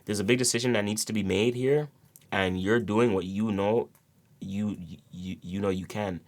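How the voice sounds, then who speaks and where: A man's voice: on the low side, steady tone, moderate pace. A man giving a casual tarot reading to his viewers, rambling with repeated words and many fillers. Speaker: tarot reader.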